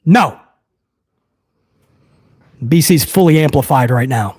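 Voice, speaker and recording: A man's voice: a little high, animated, takes it slowly, a little mellow, slightly rough. A man hosting a live watch-along review, ranting heatedly to his chat with plenty of swearing. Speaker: host of a wrestling review show.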